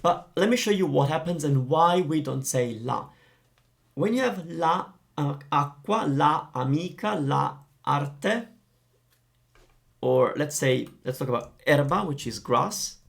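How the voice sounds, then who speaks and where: A man teaching Italian grammar, explaining in a lively, playful way. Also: on the high side, slow pace, vocal fry.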